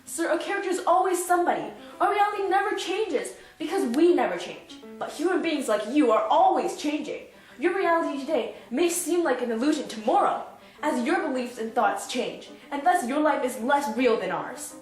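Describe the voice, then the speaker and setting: A woman's voice: high-pitched, lively intonation, moderate pace. Woman playing a lecturing philosophical father. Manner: earnest, lecturing. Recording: echoey room, far mic, faint music.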